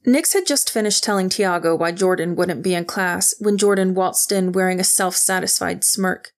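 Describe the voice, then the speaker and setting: A woman reading a novel aloud in steady, even storytelling narration. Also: fairly low pitch, moderate pace. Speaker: audiobook narrator. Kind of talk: scripted narration.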